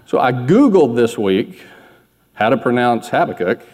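A pastor preaching a sermon in a candid, self-deprecating, conversational way to a church congregation. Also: male voice, mid-range voice, big pitch swings, measured pace, darkish tone, long reverb tail.

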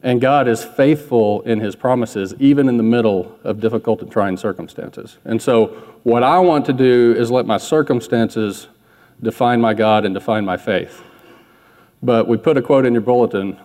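Male pastor, mid-pitch, relaxed conversational sermon, long hall reverb. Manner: candid, self-deprecating, conversational preaching.

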